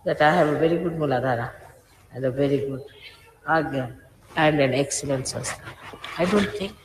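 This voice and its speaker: A woman's voice: low voice, moderate pace. A woman, a spiritual teacher, gives an informal, emphatic sermon, admonishing her followers. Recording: echoey hall with faint hiss.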